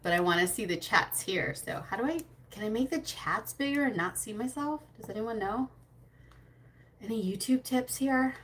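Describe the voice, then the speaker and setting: A fairly high, bright woman's voice with a lot of sparkle, chatting through a relaxed beauty live stream. She rambles, loses her train of thought and greets viewers by name, with a nervous little laugh now and then. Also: moderate pace, a little hiss or hum. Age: adult with a child. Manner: nervous, self-conscious laughter. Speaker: beauty livestream host. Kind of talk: casual live-stream chat.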